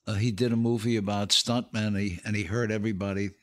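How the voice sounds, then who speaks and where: Talking fast in a lowish voice with a steady tone, an older actor and comedian trades casual show-business stories as a podcast guest. He laughs through his punchlines.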